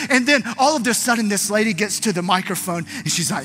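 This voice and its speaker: Guy preaching a sermon, high bright voice, really fired up, soft music under it. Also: fast talker, few pauses. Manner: impassioned, building to pleas and soft hushed moments. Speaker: pastor.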